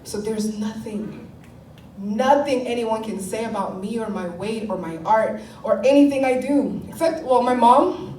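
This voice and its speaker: A fairly high-voiced woman doing stand-up, laughing through her lines and swearing as she mocks the people she quotes. Her voice is picked up from a distance in a roomy space, with faint ambience behind her. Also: a little slow, crowd noise. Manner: animated, laughing often, swearing, mock-quoting people. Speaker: stand-up comedian. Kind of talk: stand-up comedy set.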